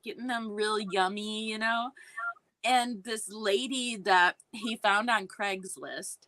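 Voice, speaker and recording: A woman co-hosting a talk show, chatting in an amused, unhurried way. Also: medium pitch, fairly bright tone, rough recording. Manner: slow, amused, reacting with laughter. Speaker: podcast co-host. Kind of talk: casual chat.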